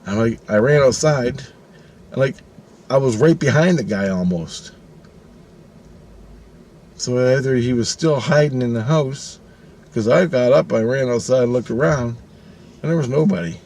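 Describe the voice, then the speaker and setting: A man's voice: mid-range voice, measured pace, pauses often. A middle-aged man telling a personal story casually, swearing often and acting out the voices he quotes. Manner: profane, animated, acts out quoted voices.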